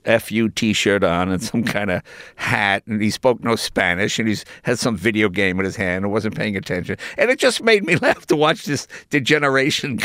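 An older American man telling lively, laughing anecdotes as an interview guest. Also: fairly low pitch, moderate pace, no echo, studio quality. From United States. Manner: animated anecdotes, laughing, jumping into voices. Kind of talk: casual storytelling in an interview.

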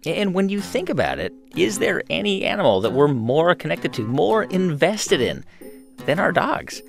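A man's voice: on the high side, very animated, moderate pace, gravelly, faint music behind. A man hosting a radio show, asking questions in a curious, conversational way. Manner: inquisitive, conversational. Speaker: radio host. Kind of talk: radio interview and narration.

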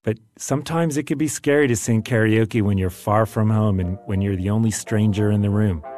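Guy reading his memoir out loud, wry and self-mocking, lowish voice, faint music under it. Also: brisk. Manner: wry, self-deprecating storytelling.

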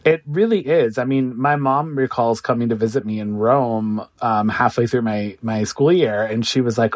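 A chatty man in his thirties talks through a relaxed interview, peppering his stories with "like" and "sort of." His voice sits in an ordinary middle register. He mocks himself and laughs easily as he goes. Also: mid-range voice, normal speed, few pauses. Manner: chatty and self-mocking, many "like" and "sort of" fillers, laughs often. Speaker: guest, food creator and cookbook author. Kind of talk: casual podcast interview.

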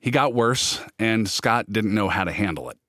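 Measured male host, lowish voice, dry close mic. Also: lively intonation, sharp tone, no room sound. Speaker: podcast host. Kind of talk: interview questions and narration.

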